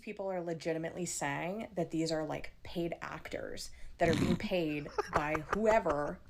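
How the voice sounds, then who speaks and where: A woman's voice: deep voice, normal speed, vocal fry, very noisy. A woman in a casual social media rant, speaking in an exasperated way with many fillers.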